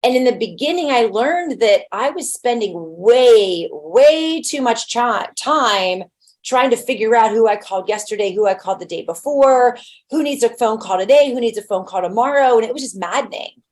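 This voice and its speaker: A woman's voice: fairly high pitch, animated, moderate pace, a little mellow. A woman who works as a real estate agent, giving a casual webinar talk in a blunt, conversational way and using homely everyday examples.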